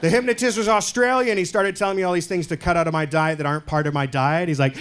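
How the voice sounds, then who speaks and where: Canadian comedy guy on a club stage, deadpan jokes then yelling punchlines, a bit high, faint room hum. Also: fast, hardly any pauses. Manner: deadpan, self-deprecating, with loud shouted punchlines. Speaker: stand-up comedian. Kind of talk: stand-up set.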